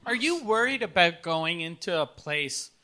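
A man's voice: sits high, lively intonation, normal speed, sharp tone. A man co-hosting a podcast, teasing his friend with mocking questions in casual chat. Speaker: podcast co-host.

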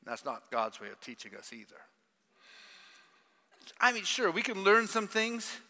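Animated older preacher with a high, bright voice. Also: male voice, a little slow. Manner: animated, emphatic, questions the congregation. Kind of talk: sermon. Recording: long hall reverb.

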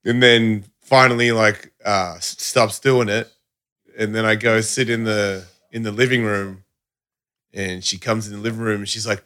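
A man co-hosting a casual podcast chat, swearing freely and telling stories with lots of quoted dialogue, jumping high in pitch whenever he quotes someone. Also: moderate pace, smooth. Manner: profane, animated, jumps high when quoting people.

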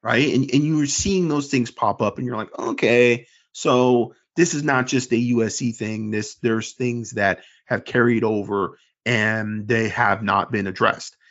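A man's voice: mid-range voice, steady tone, measured pace, hardly any pauses, a bit bright. A man co-hosting a casual sports podcast, rambling animatedly and mimicking fans as he talks. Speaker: podcast co-host and forum moderator. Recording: dull lo-fi sound.

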